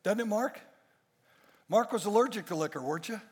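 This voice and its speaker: A man's voice: sits high, lively intonation, a little fast, husky, in a large hall. A male pastor delivering a sermon to a congregation, emphatic and full of rhetorical questions and jokes. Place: church stage before a congregation.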